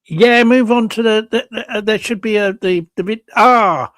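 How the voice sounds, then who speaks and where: A man in his seventies, a guest chatting casually on a video call, halting and repeating words, laughing easily. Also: high-pitched, fairly bright tone, no room sound. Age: 70s. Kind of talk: casual chat on a live video show.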